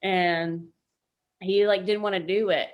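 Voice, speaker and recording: A woman veteran telling a story on a podcast in a casual, animated way, swearing freely. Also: medium pitch, takes it slowly, dull audio. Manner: animated, acts out quoted voices, swears freely. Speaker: military veteran guest.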